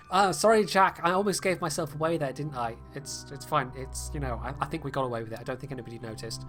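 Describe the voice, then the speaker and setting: A man's voice: on the high side, fairly quick, a bit bright, faint music behind. A British man casually talking through a game on a livestream, rambling with lots of fillers and wry, self-deprecating jokes. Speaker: game streamer. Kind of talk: casual livestream gameplay commentary.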